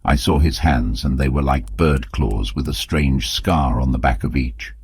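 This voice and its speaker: Very deep, raspy male storyteller. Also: a little slow, darkish tone, no room sound. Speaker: audiobook narrator. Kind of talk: scripted narration.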